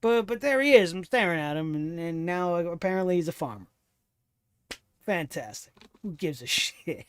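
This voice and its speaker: Sarcastic high-voiced man reviewing wrestling. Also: animated, fairly quick, few pauses, fairly bright tone, slight background noise. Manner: sarcastic, exasperated, swears freely. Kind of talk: casual commentary review.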